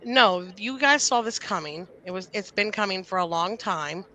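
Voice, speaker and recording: A woman talks on a casual live stream from her living room, heard through a video call. Her voice is bright and forceful. She tells stories in an animated way, acting out the people in them. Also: medium pitch, normal speed. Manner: animated storyteller, acts out callers. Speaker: co-host.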